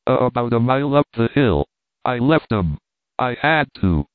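A man reading the part of a brash gentleman who shrugs off a fall, in offhand clipped phrases. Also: mid-range voice, big pitch swings, moderate pace, no echo, natural voice. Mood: brisk. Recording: tinny phone-like dry sound.

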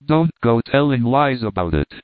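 A man's voice: medium pitch, big pitch swings, normal speed, no room sound, lightly acted. A man voicing an indignant young shop assistant, self-righteous and huffy. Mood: scolding. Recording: dry, tinny phone-like sound.

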